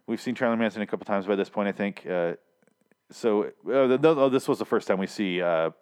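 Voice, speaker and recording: A man's voice: lowish voice, fairly quick, darkish tone, clean tone. A young man casually recapping a TV episode, swearing freely and acting out the characters' lines. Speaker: TV recap vlogger.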